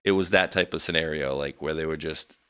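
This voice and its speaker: A man's voice: rumbling low, a little fast, a bit bright, smooth. A young man with a New England accent hosting a casual chat, rambling and laughing with many restarts. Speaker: podcast host.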